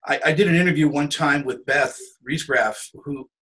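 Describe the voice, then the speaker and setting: A man hosting an interview who speaks in a halting way and stammers at the start of his sentences. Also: on the high side, a bit bright, low-quality recording. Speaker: interview host. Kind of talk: conversational interview.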